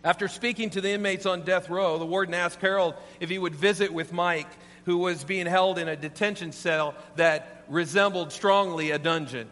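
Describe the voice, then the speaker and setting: A man preaching a sermon, telling a story in an earnest, animated way. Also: sits high, normal speed, hardly any pauses. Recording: long hall reverb, faint hum.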